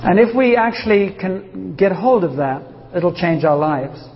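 A South African man with a high voice preaches a sermon at a measured pace, with a little hiss or hum on the recording. Informal and joking, he addresses his congregation directly in a church hall that sounds dull and reverberant.

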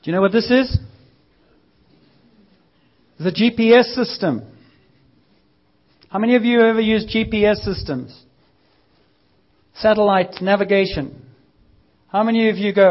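A man preaching a sermon in a church, lively and using a prop as a visual aid. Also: high voice, a little slow, long pauses, muffled recording.

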